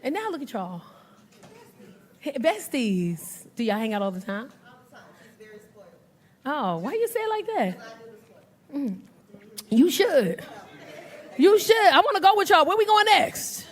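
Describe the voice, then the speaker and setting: A woman's voice: high voice, big pitch swings, takes it slowly, pauses often, some chatter behind. A middle-aged woman performing stand-up on a club stage, teasing the audience with brash, profane banter. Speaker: stand-up comedian. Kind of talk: live stand-up set with crowd work. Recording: live audience laughter.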